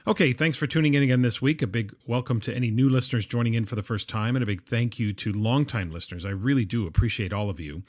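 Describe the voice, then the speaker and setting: A middle-aged man hosts a podcast as a solo monologue, talking conversationally with frequent ums, uhs and restarts. His medium-pitched voice is darkish in tone, and he speaks quickly with hardly any pauses.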